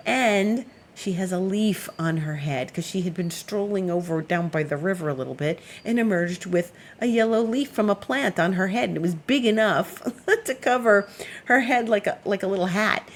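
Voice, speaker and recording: A woman's voice: medium pitch, normal speed, a little hiss or hum. A woman astrologer giving a casual weekly forecast, chatty and meandering with plenty of fillers.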